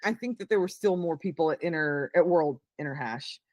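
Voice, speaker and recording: A woman's voice: low-pitched, a little fast, darkish tone, no room sound. A middle-aged woman guest telling a story in a casual interview, acting out the voices she quotes.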